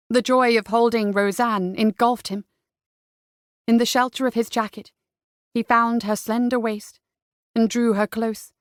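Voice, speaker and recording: A woman's voice: on the high side, no room sound. Woman narrating an audiobook, dry and close. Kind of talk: scripted narration.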